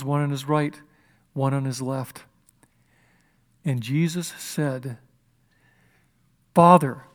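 High-voiced man preaching with passion. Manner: impassioned preaching, swings between loud and hushed. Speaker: pastor. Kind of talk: sermon.

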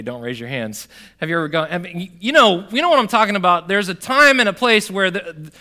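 Animated pastor with a bright voice. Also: male voice, high-pitched. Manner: animated, swings from loud emphatic to quiet and soft; conversational, addresses the congregation directly. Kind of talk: sermon.

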